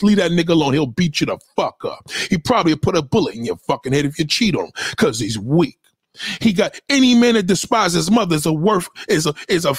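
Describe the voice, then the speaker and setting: A man's voice: sits high, husky, no room sound, studio quality. A man giving a profane, aggressive reaction rant as an online commentator, insulting and repeating himself.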